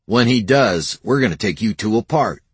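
A man's voice: fairly low pitch, animated, normal speed, a bit bright, husky, dry recording, voice pushed up. A man playing a growling ranch-hand bully. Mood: brash. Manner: growling, threatening. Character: brawny young ranch brother, hostile bully.

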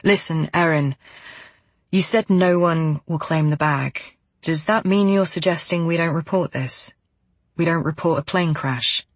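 A terse, shaken male diver who gives flat, clipped answers in a husky, breathy voice, as a woman reading an audiobook puts him on. The recording is dry and close. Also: deep voice, measured pace, dry recording. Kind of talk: audiobook character voice.

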